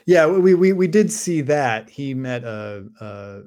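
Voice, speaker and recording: This man's mid-range voice is very animated yet slow, with a darkish tone. As a podcast host in casual conversation, he rambles through a summary of a fantasy novel, full of fillers and restarts.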